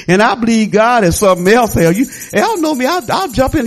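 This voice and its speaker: Older woman, pastor, folksy sermon, rambling, chatty, laughs a lot, lively swinging pitch. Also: brisk.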